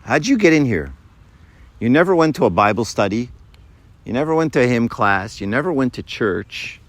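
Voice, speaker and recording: An incredulous angel at heaven's gate, as a man puts it on, firing off questions with lively, swooping pitch. The voice sits in a middle register and stays close to his everyday speech. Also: normal speed, no echo, close to an everyday voice.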